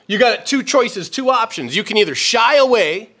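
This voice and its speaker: A man's voice: sits high, animated, normal speed, a bit bright. A man hosting a podcast in an upbeat hype-man manner, asking leading questions and tagging his points with "right?". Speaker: podcast host. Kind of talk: casual podcast chat.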